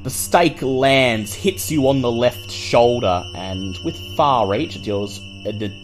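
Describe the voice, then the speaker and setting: A man's voice: mid-range voice, slow pace, over music. A man running a tabletop game, explaining rules and narrating the action vividly. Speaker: game master.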